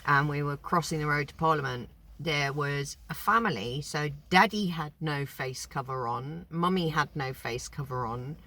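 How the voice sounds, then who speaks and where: A woman chatting casually and telling stories with animated indignation. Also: low voice, moderate pace, hardly any pauses. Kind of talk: casual chat.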